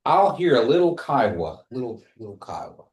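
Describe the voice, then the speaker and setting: A man teaching a language class, speaking slowly and patiently and repeating phrases for his students to say back. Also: mid-range voice, sing-song, a little mellow, roomy sound.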